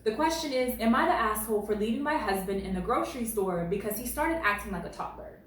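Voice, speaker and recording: A woman in her late twenties reads online stories at home and gives her own animated, sassy commentary. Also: on the high side, fast talker, very echoey, far from the mic, a little hiss or hum, poor audio. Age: late 20s. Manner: animated, sassy, laughs a lot. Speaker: reddit story reader and commentator. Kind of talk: casual commentary vlog.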